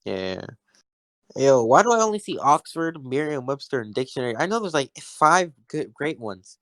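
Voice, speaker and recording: A man arguing in an online debate, halting and hesitant, often stopping himself mid-sentence. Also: mid-range voice, sing-song, a bit bright, dry recording. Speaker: debate opponent.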